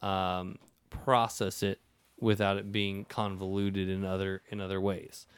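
Podcast host, male, lowish voice, rambling casual storyteller, dry close sound. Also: measured pace, smooth, no echo. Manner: rambling, animated storytelling with many restarts. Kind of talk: casual conversation.

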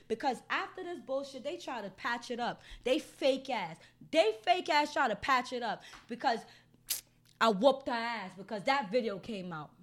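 A woman's voice: fairly high pitch, animated, unhurried. A woman telling her own story casually, in a blunt, heated and heavily profane way. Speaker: storyteller recounting an assault.

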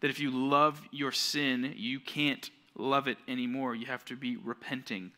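A young man, a youth pastor, giving a sermon to junior high students and telling a story with acted-out quotes. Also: steady tone, normal speed, pushed and bright. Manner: storytelling, acts out quoted voices.

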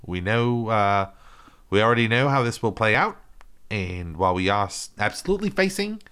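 A man's voice: expressive, moderate pace, clear, resonant tone. A man putting on a New Zealand accent to play a pompous presenter who insists he is Australian. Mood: mock-serious. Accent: put-on New Zealand. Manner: high-pitched mock presenter, loud.

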